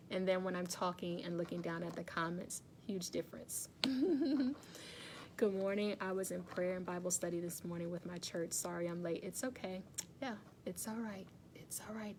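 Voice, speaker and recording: A woman with a slightly low voice hosts a casual live stream, talking straight to her camera. She chats easily, laughs often and greets commenters by name. A faint low rumble hums under the recording. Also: fairly even intonation, normal speed, darkish tone. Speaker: wellness livestream host. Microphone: phone or webcam facing her.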